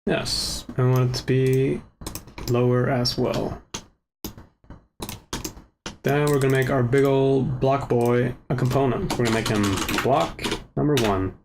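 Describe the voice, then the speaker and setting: A man of ordinary pitch talks through a software tutorial in a loose, muttering way, joking at his own mistakes as he goes. His desk microphone is turned up too far, so the sound is harsh and overdriven. Faint keyboard clicks sit behind him. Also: measured pace, gravelly, long pauses, a little hiss or hum. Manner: relaxed, self-mocking, mutters to himself while working. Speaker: tutorial host. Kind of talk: casual screen-recorded software tutorial. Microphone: desk microphone with gain set too high.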